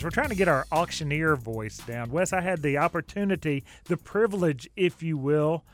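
A man's voice: fairly high pitch, moderate pace, hardly any pauses, faint music behind. A man co-hosting a radio show in a studio, talking casually and rambling a little with fillers.

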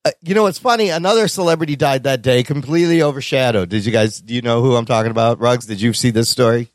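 A man's voice: medium pitch, fast, no room sound, clean studio sound. A man hosting a podcast in casual chat, talking eagerly with many restarts. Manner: talkative, enthusiastic, many restarts. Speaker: podcast host.

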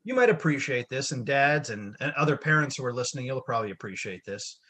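A man's voice: medium pitch, big pitch swings, fast, sharp tone, husky. A man co-hosting a casual chat, telling a wry, exaggerated story about family life. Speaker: podcast co-host, dad.

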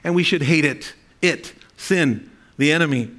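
Measured in pace, a little high, and fairly bright in tone, a pastor's voice carries his sermon. He reads scripture aloud, unpacks its meaning, often begins sentences again, and asks the congregation for amens.

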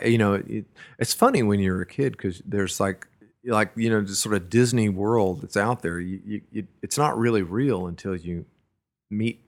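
A middle-aged man, a musician, telling stories from his touring days in a loose, rambling way, full of fillers and restarts. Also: lowish voice. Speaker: musician recalling his career. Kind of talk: casual storytelling interview.

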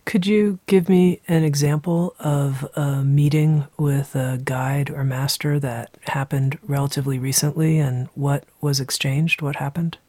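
Woman, interview host, measured questions, low pitch. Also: fairly even intonation, mellow, no room sound. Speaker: podcast host.

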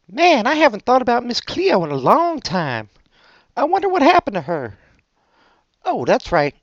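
A man putting on a high, strained impression voice to read out a letter as a shrill, unhinged man. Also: huge pitch swings, a little slow, long pauses, no echo, full character voice. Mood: manic. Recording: dull lo-fi sound.

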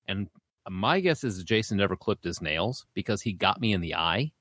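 A man's voice: deep voice, big pitch swings, moderate pace, fairly bright tone, dry recording. A man co-hosting a podcast, telling a story in casual chat and acting out the voices of the people he quotes. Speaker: podcast co-host.

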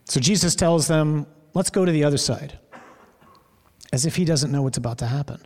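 A man's voice: a little high, moderate pace, a little mellow, big-room sound. A man preaching a sermon in a church, telling a story vividly and drawing out key words for emphasis.

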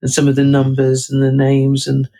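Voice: mid-range voice, monotone, normal speed, mellow. An author talks through their writing in a thoughtful interview, with frequent fillers and restarts. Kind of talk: conversational interview talk.

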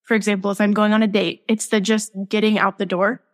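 A woman's voice: mid-range voice, level tone, fairly quick. A young woman speaking candidly as a podcast guest, laughing often and filling her talk with "like". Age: young adult. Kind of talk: casual podcast interview.

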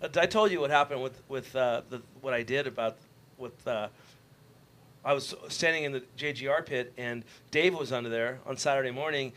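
A man's voice: mid-range voice, moderate pace. A man co-hosting a casual radio show, telling stories in slangy talk and acting out what others said. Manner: animated storyteller, acts out quoted people; slangy, says "dude" often. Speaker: co-host.

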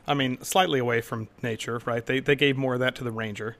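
A man's voice: mid-range voice, fairly even intonation, fast, gravelly, fairly bright tone. A man on a casual podcast panel, talking in an opinionated, digressive and eager way.

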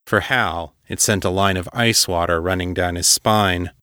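A man with a fairly low voice narrates fiction at a steady, measured pace. The sound is dry and close, with no room around it. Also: no room sound. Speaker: story narrator. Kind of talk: audiobook-style fiction narration.

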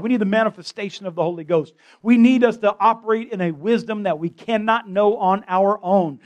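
A man preaching a conversational, impassioned sermon as pastor in a church. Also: high voice. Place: church sanctuary.

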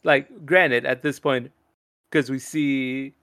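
A man hosting a casual podcast chat, rambling and animated, laughing often as he talks. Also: medium pitch, slow pace.

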